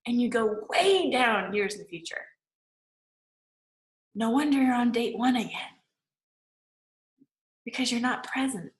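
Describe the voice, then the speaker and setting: A woman's voice: on the high side, reverberant, poor audio. A woman manifesting coach giving a casual online lecture, chatty and full of "like". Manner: chatty, peppered with "like" and laughs.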